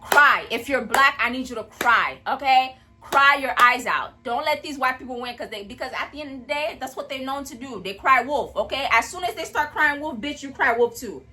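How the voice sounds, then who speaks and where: A woman vlogger talking in a blunt, profane and animated rant, speaking indoors in a room at home. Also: high voice, moderate pace, hardly any pauses. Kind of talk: casual commentary rant.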